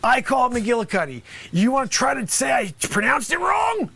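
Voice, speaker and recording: A man acting out a brash high school basketball coach, bossy and rambling, who keeps breaking into shouts at his players. His voice sits high and bright for a man, with a sharp, forceful edge. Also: big pitch swings, moderate pace, gravelly, husky, exaggerated voice. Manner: loud, bossy, rambling with asides. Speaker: improv comedian host. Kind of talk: improv comedy sketch.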